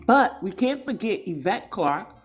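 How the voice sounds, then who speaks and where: A woman's voice: medium pitch, sing-song, measured pace, faint music behind. A woman speaking on an online panel, talking casually with rhetorical questions. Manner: conversational, rhetorical questions, many fillers.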